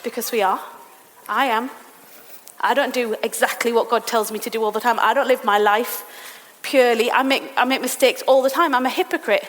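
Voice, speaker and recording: An English woman with a high voice preaching a sermon with lively, expressive delivery, sometimes flaring into exasperated outbursts as she plays out the characters. Her voice carries a long reverb from the hall where she is speaking. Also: brisk. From England. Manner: animated, rising to exasperated outbursts when reading characters. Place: church meeting in a school hall. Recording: echoey hall.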